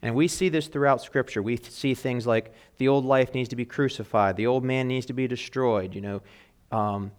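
A man preaching a sermon in an earnest way, rising in emphasis and dropping to quiet asides, and reading scripture aloud with weight. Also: medium pitch. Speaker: pastor.

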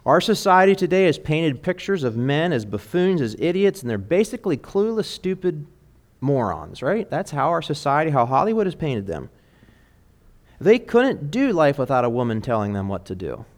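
A middle-aged preacher with a slightly high, very animated voice speaks to fathers at a moderate pace. His sermon is earnest and emphatic, delivered with conviction and sprinkled with quoted song lyrics.

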